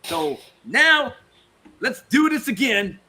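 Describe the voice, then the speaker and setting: A man's voice: extremely high pitch, very animated, takes it slowly, a little hiss or hum. A man hosting a livestream, joking and rapping in a boastful, profane way. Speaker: livestream host. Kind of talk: casual chat and rap over music. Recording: loud backing music.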